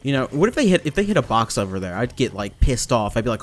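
A young man talking casually over his gameplay, rambling and mocking himself, with sudden loud outbursts. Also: medium pitch, very animated, quick pace, few pauses. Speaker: let's play gamer.

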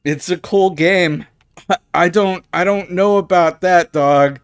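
A man's voice: sits high, takes it slowly, clean tone, no echo, studio quality. A man commenting casually while he plays a game, stammering, swearing and reacting with disgust. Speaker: streamer playing a game. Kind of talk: casual live gameplay commentary.

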